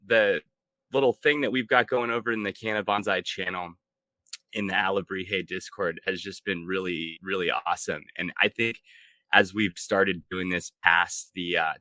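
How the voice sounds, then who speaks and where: A man co-hosting a casual podcast chat, talking in a relaxed, laid-back way with many fillers. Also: sits low, no echo, poor audio. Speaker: podcast co-host.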